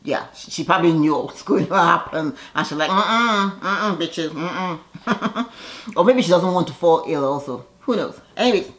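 A woman's voice: low voice, animated, fairly quick. A woman casually recapping a reality show episode in a chatty, gossipy way, laughing often and tossing in sassy asides.

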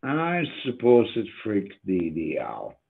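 Gravelly older man on a tinny line. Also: fairly low pitch, wildly swooping pitch, unhurried. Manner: swearing, rambling storyteller. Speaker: guest musician. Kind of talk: casual interview chat. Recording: tinny phone-like remote audio.

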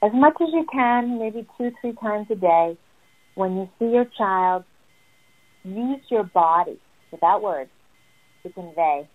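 Woman therapist teaching parents, earnest emphatic tone, mid pitch, sounds like a phone line. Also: expressive, measured pace. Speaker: family therapist. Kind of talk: explaining parenting advice.

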